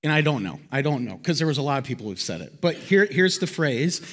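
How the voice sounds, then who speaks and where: Animated high-voiced preaching man. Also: fast talker, hardly any pauses. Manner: animated, conversational preaching with big swings in pitch. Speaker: pastor. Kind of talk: sermon. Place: church hall before a congregation.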